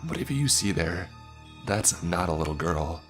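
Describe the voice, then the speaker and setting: A man's voice: deep voice, sing-song, moderate pace, soft background music. A man voicing a tough, focused young woman who survives a monster outbreak and speaks bluntly and curtly. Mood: urgent.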